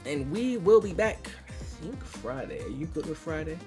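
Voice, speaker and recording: Streamer guy chatting, bouncy pitch, laughs a lot, music behind. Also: very animated, normal speed. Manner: playful, self-mocking, laughs often. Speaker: streamer host. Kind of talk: casual live-stream chat. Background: background music.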